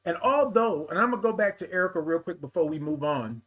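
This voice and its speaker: A man hosting a live morning talk stream, lively and playful, greeting viewers by name and calling them "y'all". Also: high-pitched, fast, hardly any pauses. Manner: lively, playful, sing-song with laughs and calls of "y'all". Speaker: livestream host.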